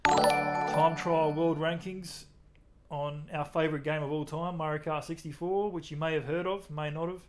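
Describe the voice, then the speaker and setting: A young Australian man with an Australian accent, chatting casually with his stream chat while playing a racing game, relaxed and talkative. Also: on the high side, moderate pace, faint music behind.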